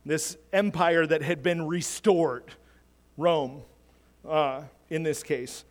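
A man's voice: on the high side, slow pace, long reverb tail. A man preaching in a casual, plain-spoken way, teaching through a Bible passage. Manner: casual, plain-spoken, chuckles at his own examples.

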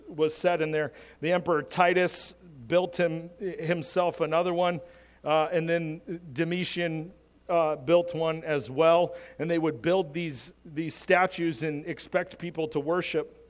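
A man's voice: on the high side, big-room sound. A man preaching in a casual, plain-spoken way, teaching through a Bible passage. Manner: casual, plain-spoken, chuckles at his own examples.

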